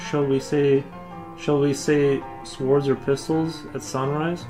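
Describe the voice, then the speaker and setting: A man putting on the voice of a pompous, mock-formal English gentleman who takes offense. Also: fairly high pitch, flat delivery, slow, music in the background. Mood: haughty.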